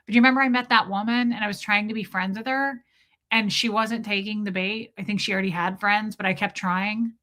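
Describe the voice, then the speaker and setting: A woman hosting a casual live stream and chatting with viewers, animated and quick to laugh, swearing freely. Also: mid-range voice. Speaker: live-stream host reading chat.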